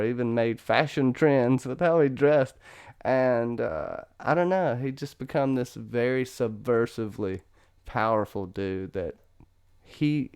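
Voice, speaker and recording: A man hosting a casual online discussion of a TV show, animated, joking and laughing as he talks. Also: medium pitch, clean tone. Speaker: podcast host. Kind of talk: casual discussion on a video call.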